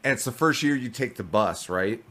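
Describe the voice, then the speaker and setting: A young man hosting a podcast, telling a story in an animated, profane way during casual chat. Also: mid-range voice, moderate pace. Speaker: podcast host.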